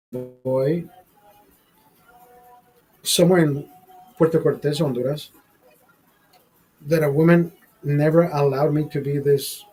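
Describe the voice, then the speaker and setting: Profane rambling man with a husky voice. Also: mid-range voice, dark tone, rough recording. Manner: profane, rambling, with frequent fillers and restarts. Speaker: show host telling a story. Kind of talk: casual live-stream storytelling. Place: studio.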